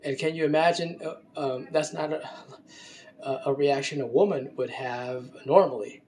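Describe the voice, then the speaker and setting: Halting man giving a talk. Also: fairly high pitch, a little mellow. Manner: halting, many fillers and restarts. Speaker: speaker giving a talk on gender. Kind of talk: unscripted lecture.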